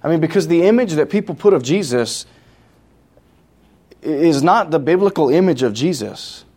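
A man delivering a sermon in a fairly high voice. He works through the verses in a loose, conversational way, stopping and restarting, and then climbs into loud, passionate preaching. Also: animated, moderate pace. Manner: preaches from scripture, builds to loud impassioned shouting; conversational asides with many restarts.

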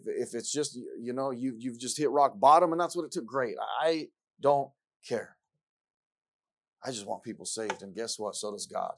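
Earnest preacher man delivering a sermon. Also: medium pitch. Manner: earnest, building from quiet to loud excitement; repeats scripture phrases with emphasis. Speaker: pastor.

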